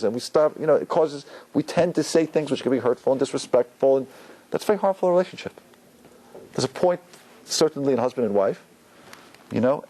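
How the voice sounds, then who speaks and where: A rabbi giving an informal, conversational Torah lecture to a class, using many fillers and acting out quoted lines. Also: male voice, on the high side, warm tone, rough recording. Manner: conversational, loose with fillers, acts out quotes with a rising voice.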